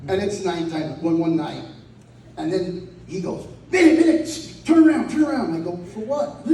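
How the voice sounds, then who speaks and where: A man's voice: high-pitched, warm tone, slight background noise. A man giving a profane, comic eulogy at a memorial gathering, acting out the voices of the people in his stories. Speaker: eulogy speaker. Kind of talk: storytelling at a memorial. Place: hall at a celebration of life. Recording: echoey hall from far off.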